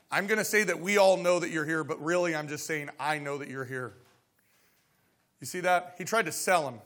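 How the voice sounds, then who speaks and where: A male pastor with a fairly high voice delivers a sermon. He reads Bible passages aloud and then unpacks them, often turning to the congregation with direct questions. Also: moderate pace, fairly bright tone.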